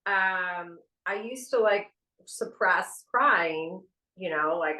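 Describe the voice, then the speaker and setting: A woman's voice: fairly low pitch, slow, pushed and bright. A middle-aged woman co-hosting a casual spiritual podcast chat, candid and frank, swearing freely. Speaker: podcast co-host. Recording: echoey room.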